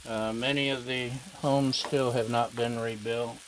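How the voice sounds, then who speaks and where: A man chats casually while cooking outdoors, drawling his words slowly. His talk is folksy and rambling, full of pauses and filler words. Faint griddle sizzle and ambient noise sit behind him. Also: mid-range voice, level tone. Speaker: cooking channel host. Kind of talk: casual cooking vlog chat. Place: outdoor griddle cook station. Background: food sizzling on a griddle.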